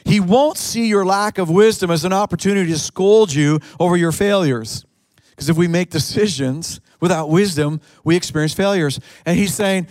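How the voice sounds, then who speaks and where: A man preaching a sermon, telling a story with lively acted-out quotes and frequent restarts. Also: high voice, normal speed, dry recording. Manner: animated storyteller, acts out quotes, many restarts. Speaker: pastor.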